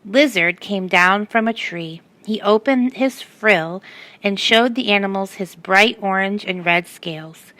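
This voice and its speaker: A woman's voice: medium pitch, a little slow, sharp tone, dry recording. A woman reading a picture book aloud to children and stopping to ask them questions. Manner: asks the listeners questions. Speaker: storyteller.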